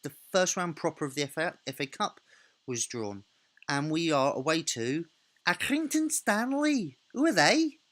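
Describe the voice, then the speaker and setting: A man's voice: medium pitch, a bit bright. A man hosting a let's play, thinking aloud in a casual, self-correcting way while he narrates a football management game.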